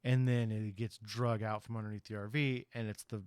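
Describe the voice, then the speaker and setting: This podcast host speaks in a fairly low, slightly mellow voice, flat and brisk, as he rambles through a horror movie's story. He acts out the characters and drops loose profanity, and his tone is clean with no echo.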